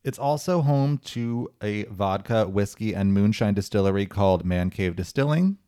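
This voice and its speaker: A man's voice: on the low side, lively intonation, moderate pace, mellow, clear, resonant tone. A man co-hosting a podcast, telling a story in a chatty way with joking asides. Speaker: podcast co-host. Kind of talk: casual chat and storytelling.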